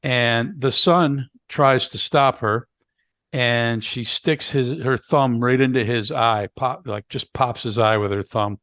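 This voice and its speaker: On a podcast, a male co-host casually walks through a movie's plot step by step, full of fillers and restarts. His medium-pitched voice is slow and slightly bright, recorded cleanly in a studio with no room sound.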